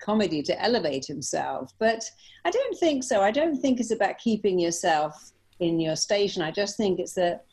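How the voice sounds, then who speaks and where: Middle-aged woman, guest storyteller, lively and quick to laugh. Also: medium pitch. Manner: animated, anecdotal, laughing easily. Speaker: guest, therapist and speaker. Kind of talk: conversational storytelling.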